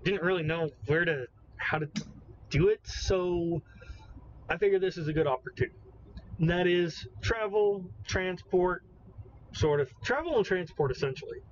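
A man co-hosting a casual podcast, excitable and prone to swearing and exclaiming in disbelief, on a slightly muffled recording with faint noise. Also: high voice, moderate pace. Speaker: podcast co-host. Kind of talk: casual chat.

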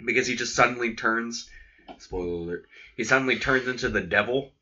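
A man's voice: mid-range voice, a little fast, pushed and bright. A young man chatting casually about movies, joking and swearing a lot. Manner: profane, joking, acts out quotes. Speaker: podcast co-host. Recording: dull lo-fi sound.

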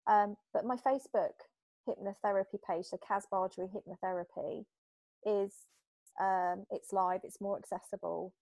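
A British woman talks as a guest on an interview podcast about her therapy work. She chats along easily, slipping into little acted-out quotes of clients. Her voice sits mid-pitch and sounds close and dry, with no room around it. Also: moderate pace, no echo. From Britain. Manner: chatty, animated, acts out little quoted exchanges. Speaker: hypnotherapist guest. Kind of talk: casual interview talk.

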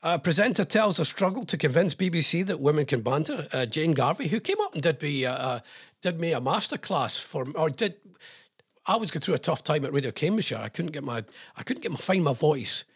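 Husky radio presenter, rambling. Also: male voice, fairly high pitch, expressive, brisk, a bit bright. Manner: rambling, jokey asides. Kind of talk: casual radio chat reading out news items.

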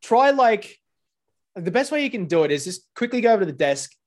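A man's voice: high-pitched, sing-song, a little fast, a little mellow. A man with a New Zealand accent chatting casually on a podcast, joking loosely and swearing. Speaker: podcast co-host. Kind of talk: casual chat.

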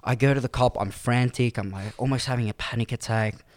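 A man's voice: mid-range voice, a little fast. A young man, telling a story animatedly in a casual podcast chat. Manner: animated, dramatic retelling with quoted voices.

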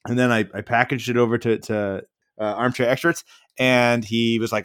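A man's voice: mid-range voice, little pitch movement, brisk, fairly bright tone, smooth, dry recording, studio quality. A man, a podcast host casually telling a rambling anecdote full of "like" fillers. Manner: rambling anecdotal, frequent "like" fillers, mimics others in quotes. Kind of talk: casual storytelling chat.

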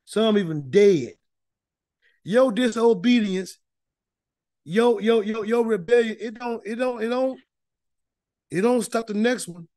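A man's voice: high-pitched, a little slow, pauses often, darkish tone, no echo. A man leading an informal Bible study, preaching in a folksy, emphatic way and often repeating words as he builds a point. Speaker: Bible teacher.

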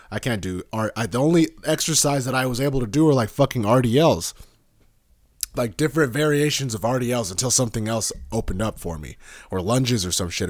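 A young man hosting a podcast, chatting casually in a rambling, profane, animated way and laughing often. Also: lowish voice, dry recording, clean studio sound. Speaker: podcast host.

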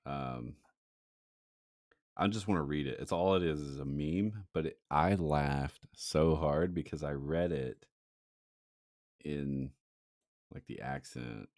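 A man's voice: extremely low pitch, slow, long pauses, darkish tone, no room sound, clean studio sound. A man co-hosting a casual podcast, telling stories in a laid-back, rambling way with lots of fillers. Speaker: podcast co-host. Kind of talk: casual chat.

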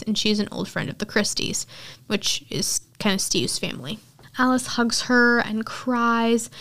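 A woman podcast host casually retelling a film's plot in chatty storytelling full of filler words. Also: a little high.

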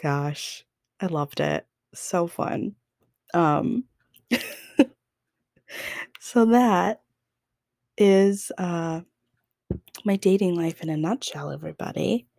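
A woman's voice: fairly low pitch, extremely slow, gravelly, long pauses, a little mellow, no room sound, clean studio sound. A young woman hosting a podcast, telling a story in a casual, chatty way with lots of fillers and laughs. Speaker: podcast host.

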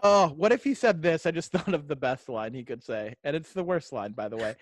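A man's voice: a little high, animated, fairly quick, dry recording, clean studio sound. A man co-hosting a casual movie chat who jokes a lot and acts out quoted lines. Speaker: podcast co-host.

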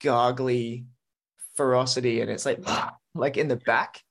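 Excitable young man, swearing freely. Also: medium pitch. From Australia. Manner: enthusiastic, swears freely, fast bursts. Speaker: podcast guest, metal musician. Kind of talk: casual podcast chat.

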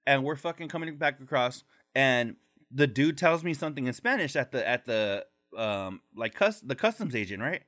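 A man's voice: medium pitch, expressive, moderate pace, fairly bright tone. A man co-hosting a podcast, telling rambling stories in casual chat, cursing often and slipping into voices for the people he quotes. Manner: rambling storyteller, heavy swearing, puts on voices in quotes. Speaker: podcast co-host.

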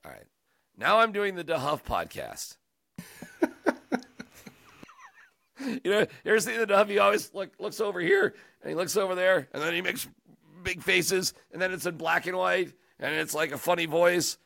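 A man hosting a sports talk show, chatting casually and joking around in an animated, rambling way. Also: high voice, moderate pace, gravelly, long pauses, no room sound, clean studio sound. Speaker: sports radio host.

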